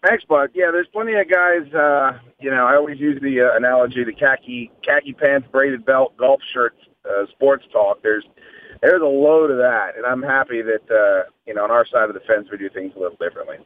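A man's voice: mid-range voice, brisk. Man talking over a tinny phone line. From Washington DC area. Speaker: sports radio host. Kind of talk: casual podcast interview.

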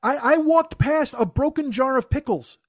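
A man's voice: extremely high pitch, lively intonation, normal speed, dry recording, studio quality. A man telling a profane, exasperated comic story as a podcast co-host, mocking himself as he goes. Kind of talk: comedic storytelling rant.

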